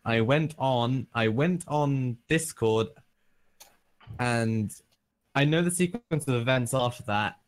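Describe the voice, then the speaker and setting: Rambling British man. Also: mid-range voice. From Britain. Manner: rambling, halting storyteller. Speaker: podcast co-host. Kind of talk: casual chat.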